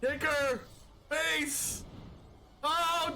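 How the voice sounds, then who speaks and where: A man streaming a card game, reacting excitably, often shouting and laughing as he plays. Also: high-pitched, unhurried. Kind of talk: live gameplay commentary.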